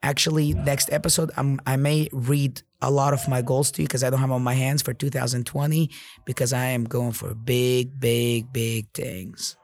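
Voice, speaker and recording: Gravelly, blunt-talking podcast man. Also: medium pitch, flat delivery, normal speed. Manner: blunt and profane, heavy use of "like" and "you know". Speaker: podcast host and business owner. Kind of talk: casual motivational podcast monologue.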